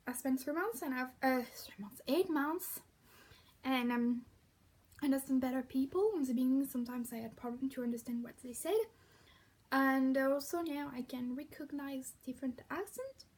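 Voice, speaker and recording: A woman's voice: high-pitched, moderate pace, darkish tone, slightly rough. A young woman with a French accent, a French native speaker, chatting casually to camera in a vlog, rambling and correcting herself as she goes. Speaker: vlogger.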